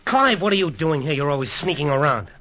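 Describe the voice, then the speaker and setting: An actor playing a blunt, suspicious hotel owner who also narrates, in a 1950s radio drama. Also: male voice, mid-range voice, expressive, normal speed, fairly bright tone, close to an everyday voice. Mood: angry. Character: hot-tempered island hotel owner, jealous. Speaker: narrator of the story. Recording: dull lo-fi old radio broadcast.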